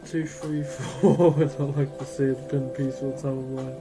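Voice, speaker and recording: A man's voice: mid-range voice, flat delivery, normal speed, music in the background. A young man with a New Zealand accent chatting casually while streaming, joking, swearing and laughing often as he carves wood. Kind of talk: casual live-stream chat.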